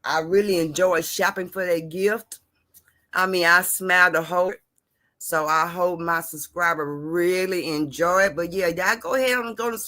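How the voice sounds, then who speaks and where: A woman with a fairly low, pushed, bright voice hosts a casual livestream. She chats with her viewers, greets them by name, and repeats herself as she goes.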